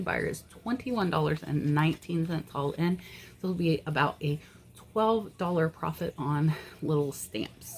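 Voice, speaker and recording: Woman, low voice, casual vlogger, frank and a bit exasperated. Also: slight background noise. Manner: chatty, frank, easily exasperated. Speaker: eBay reseller. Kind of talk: casual vlog chat.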